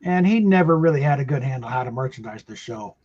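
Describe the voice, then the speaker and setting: A man in a casual stream chat, rambling and halting, with frequent murmured agreement. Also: medium pitch, animated, a little mellow, dull audio. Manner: rambling, halting, lots of "mm-hmm".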